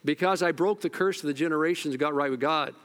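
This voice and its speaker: An older pastor preaches in a colloquial, animated style, swinging between loud exhortation and hushed storytelling and repeating words when he gets worked up. He talks fast in a voice on the high side, clear and resonant.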